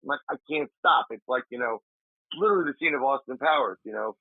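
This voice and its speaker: A man, a paranormal investigator, telling an animated story in a casual interview, acting out his friend's shouts. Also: medium pitch, quick pace, creaky, no room sound. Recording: dry tinny remote call audio.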